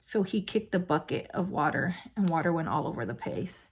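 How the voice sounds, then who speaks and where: A woman vlogger with a fairly low, breathy-edged voice and lively intonation speaks at normal speed. She candidly tells her own life story, full of fillers and blunt swearing.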